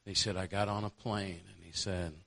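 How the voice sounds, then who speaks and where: A man's voice: low-pitched, flat delivery, moderate pace, creaky, a bit bright. A male preacher delivering a sermon, telling a conversion story and building to an impassioned altar call.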